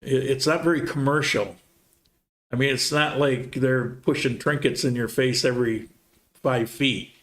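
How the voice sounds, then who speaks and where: Relaxed man hosting a live Q&A. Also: medium pitch, measured pace. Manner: relaxed, rambling, reads viewer comments aloud. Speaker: livestream host answering viewer questions. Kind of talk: casual live Q&A chat.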